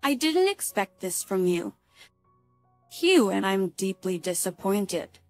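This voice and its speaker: A woman's voice: medium pitch, big pitch swings, slow, no echo, soft background music. A woman voicing a stern, indignant mother-in-law in a spoken story, scolding in a cold tone.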